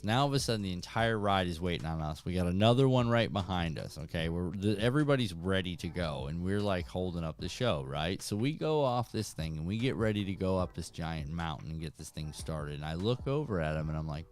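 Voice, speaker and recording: A man's voice: low voice, fairly quick. A man in his thirties hosting a fishing channel, telling a story casually to viewers and acting out the people in it. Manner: animated, acts out voices in anecdotes.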